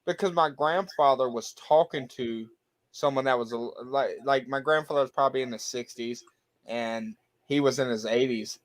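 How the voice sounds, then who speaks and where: A man co-hosting a podcast, telling stories in relaxed casual chat and laughing easily. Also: mid-range voice, moderate pace. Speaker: podcast co-host.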